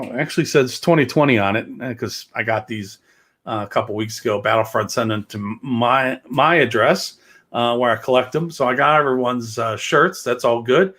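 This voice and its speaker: A man's voice: mid-range voice, moderate pace, a bit bright. A man hosting a casual livestream, rambling with many fillers and jokes. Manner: rambling, filler-heavy, joking. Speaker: host of a livestreamed gaming show.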